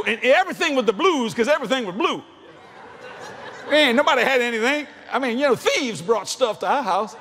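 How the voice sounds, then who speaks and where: A man's voice: extremely high pitch, expressive, fairly quick, a bit bright, slight background noise. A male preacher with a Cajun Louisiana accent, telling folksy, joking stories in a sermon and laughing often. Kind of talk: sermon storytelling.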